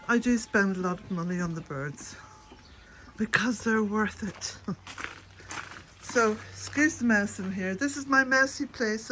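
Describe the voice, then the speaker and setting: A woman's voice: medium pitch, a little hiss or hum. An Irish woman chatting casually to camera outdoors at her cottage garden, rambling and laughing often, a bit out of breath. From west of Ireland.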